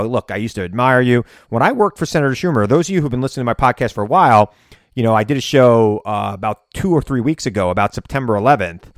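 Lively New man, dry close sound. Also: medium pitch, no echo. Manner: animated storytelling, bursts of yelling when reenacting. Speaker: podcast host and political commentator. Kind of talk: casual solo podcast monologue. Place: home basement studio.

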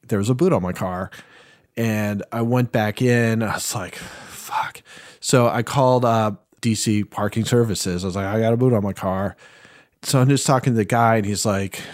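Laid-back low-voiced man telling a story. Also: a little mellow, no room sound, studio quality. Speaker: podcast panelist. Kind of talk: casual storytelling chat.

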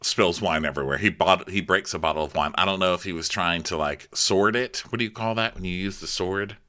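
A man's voice: brisk, pushed and bright. A man co-hosting a comedic podcast recap, chatting jokily and slipping into mocking impressions. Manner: jokey, bursts into shrill mocking impressions. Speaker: podcast co-host.

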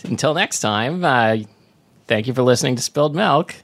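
A man's voice: medium pitch, expressive, moderate pace, fairly bright tone. A man co-hosting a podcast in casual chat, playful and goofy, laughing a lot. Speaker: podcast co-host.

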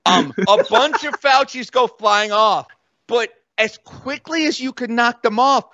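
A man with a strikingly high, bright voice, rambling through an improvised comedy bit for a podcast. He talks fast and jokey, and the sound is dry and a little dull. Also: no echo. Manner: rapid, rambling, jokey narration with goofy voices. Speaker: podcast host running a comedic game.

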